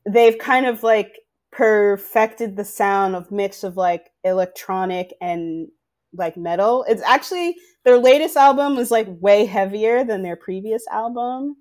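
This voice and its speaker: A woman's voice: medium pitch, a little slow, darkish tone. A woman in casual chat, speaking in loose, rambling phrases with constant fillers.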